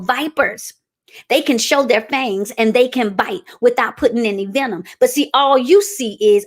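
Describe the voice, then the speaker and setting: Fervent woman preaching with emphasis. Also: a little high. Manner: emphatic, repeats key phrases, calls out to the audience. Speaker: speaker. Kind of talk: motivational preaching.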